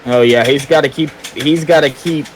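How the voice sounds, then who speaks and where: A man's voice: fairly high pitch, moderate pace, a little hiss or hum. A man as co-commentator on a sim race, adding casual, agreeable remarks. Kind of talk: sim racing broadcast commentary.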